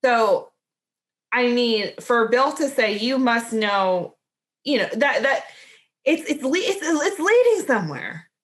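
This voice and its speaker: A woman's voice: fairly high pitch, big pitch swings, a little slow. A woman co-hosting a podcast in casual chat, talking in a chatty way with lots of "like" and restarts. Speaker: podcast co-host.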